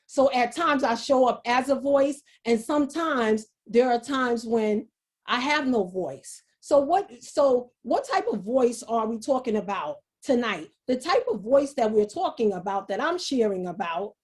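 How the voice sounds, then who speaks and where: Woman, high voice, slow and halting, earnest motivational talk, video call audio. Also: a little mellow. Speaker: speaker.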